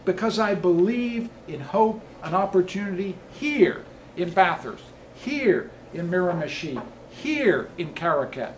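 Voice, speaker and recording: A man and politician giving a rousing campaign speech and answering questions, stacking emphatic lists that build to loud peaks. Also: sits high, slight background noise, rough recording.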